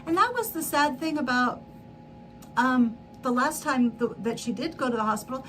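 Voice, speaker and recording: A woman's voice: sits high, animated, normal speed, a bit bright, slight background noise, low-quality recording. A middle-aged woman hosting a sewing livestream, telling a long rambling story with frequent laughs and self-corrections. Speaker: livestream host. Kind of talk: casual chat while sewing.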